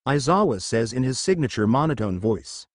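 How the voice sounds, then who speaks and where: A man narrating a fan-written story in a lively, expressive reading voice. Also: mid-range voice, moderate pace, dry recording. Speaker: fanfiction narrator.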